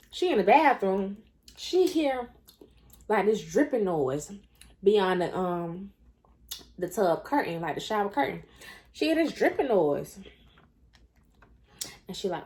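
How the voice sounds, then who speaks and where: A woman casually telling a story while eating on camera, chatty and animated, calling the listener honey. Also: medium pitch, takes it slowly, pauses often. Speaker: mukbang storyteller.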